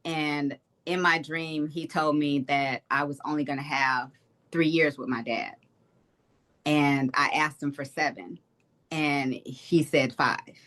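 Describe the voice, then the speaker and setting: A woman's voice: low-pitched, fairly even intonation, slow, fairly bright tone. A woman from Detroit, a state representative, giving an earnest, reflective personal testimony as an interview guest. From Detroit, Michigan.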